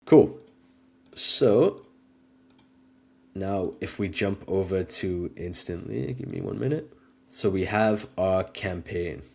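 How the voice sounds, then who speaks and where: A man with a lowish voice walks through his screen in a casual chat. He explains each step in a relaxed, easy way. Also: takes it slowly, creaky, pauses often, slight background noise. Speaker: guest demonstrating software. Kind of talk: casual screen-share walkthrough.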